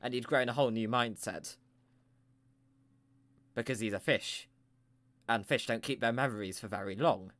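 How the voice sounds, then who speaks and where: A man's voice: mid-range voice, moderate pace, long pauses, a bit bright. A man telling a rambling improvised comic story with playful, self-mocking asides.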